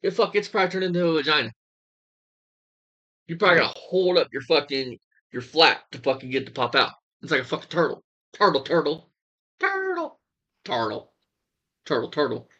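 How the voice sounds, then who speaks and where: A man's voice: on the high side, fast talker, sharp tone, lo-fi sound. A young man giving a heated, crude reaction commentary, swearing and mocking as he talks.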